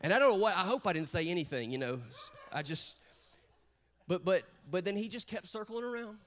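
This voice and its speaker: A male pastor with a high, light voice preaches a story-driven sermon. He is middle-aged and animated, and he acts out quotes in quick bursts before he settles back into plain preaching. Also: slight background noise.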